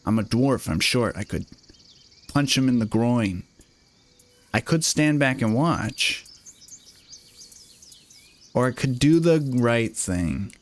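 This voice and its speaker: A man's voice: mid-range voice, expressive, slow, pauses often. A man giving joking, rambling let's-play commentary on a fantasy video game. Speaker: gaming video host. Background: game music.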